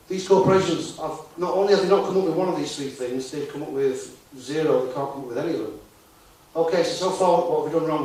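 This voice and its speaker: A man's voice: fairly high pitch, a little mellow. Male conference speaker, chatty and full of rhetorical questions, heard from far off in an echoey hall. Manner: conversational, asks the audience rhetorical questions. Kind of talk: live talk to an audience. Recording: echoey hall, distant mic, faint noise.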